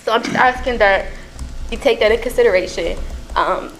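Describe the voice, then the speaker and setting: A woman from Cincinnati gives a public comment in a council chamber, emotional, nervous, earnest and pleading. Her voice is on the high side at a moderate pace, and the audio is poor.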